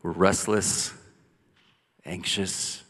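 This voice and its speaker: A man preaching a sermon as pastor, rising to intense cries and dropping to soft, quiet lines. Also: sits low, steady tone, extremely slow, breathy edge. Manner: passionate preaching, builds to loud cries then drops soft. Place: church sanctuary. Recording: long church hall reverb.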